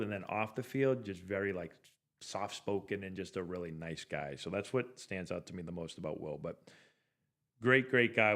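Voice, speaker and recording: Rambling middle-aged man, lower voice. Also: fairly bright tone. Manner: rambling, loose, full of "like" and restarts. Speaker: former pro ballplayer hosting a live stream. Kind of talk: casual anecdotal storytelling.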